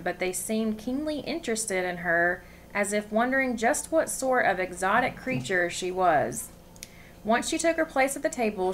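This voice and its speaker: A woman reading a novel aloud with expression, pausing to ask her listeners questions. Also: medium pitch, fairly bright tone, a little hiss or hum. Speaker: story reader.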